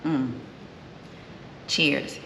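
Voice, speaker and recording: A woman's voice: very slow, a little hiss or hum. A woman hosting a cooking vlog, chatting casually to her viewers and savoring the food as she goes. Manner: relaxed, chatty, savoring food between lines. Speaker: cooking channel host. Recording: echoey room with long reverb.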